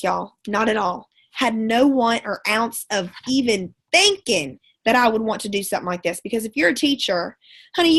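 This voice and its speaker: A woman with a somewhat high voice gives a live motivational pep talk over an online call. She talks in a chatty, folksy way, calls her listeners girlfriend and y'all, and stacks repeated words for emphasis. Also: fairly bright tone. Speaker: wellness product sales ambassador and schoolteacher.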